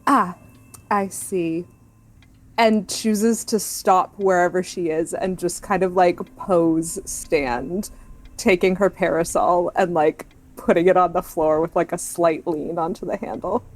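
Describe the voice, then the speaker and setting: A woman's voice: lowish voice, steady tone, a little slow, a little mellow. A woman plays a tabletop game, chatting as she describes her character and reads out her dice. Faint music plays in the background. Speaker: player.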